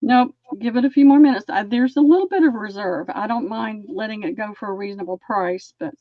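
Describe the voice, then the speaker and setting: A woman hosting a live-stream sale, chatting and describing lace items slowly. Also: mid-range voice, no echo, phone-quality sound.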